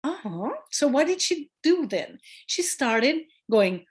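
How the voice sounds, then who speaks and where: A woman midwife talks as a guest in a conversational interview, her fairly high voice swooping up and down as she tells a story. She is emphatic and acts out the voices of the people in it, with the odd hesitant filler. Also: takes it slowly, a crowd in the background. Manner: animated storyteller who acts out quoted voices.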